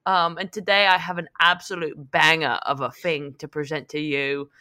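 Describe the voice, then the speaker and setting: A woman playing a boastful young male reality-show contestant pitching a product. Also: steady tone, normal speed, bright, forceful tone. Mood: cocky.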